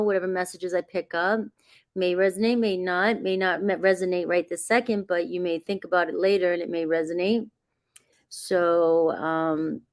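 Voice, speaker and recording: Chatty woman reading tarot live. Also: medium pitch. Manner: chatty, greets viewers by name, laughs often; reassuring, grounding spiritual guidance. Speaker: tarot reader. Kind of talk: casual livestream chat.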